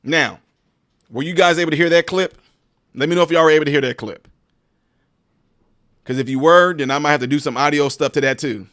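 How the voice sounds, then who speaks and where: A high-pitched man hosts a live-stream political commentary. He talks in an emphatic, preachy way and aims it straight at his viewers. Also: fairly quick, pauses often, fairly bright tone.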